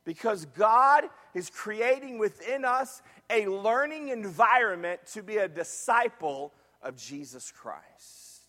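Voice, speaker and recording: A man preaching in a church sanctuary, his voice pitched high for a man. His delivery is emphatic, and he repeats key phrases and throws questions back to the congregation. A long reverb trails each phrase. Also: expressive, unhurried, few pauses, a bit bright. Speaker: pastor. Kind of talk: sermon.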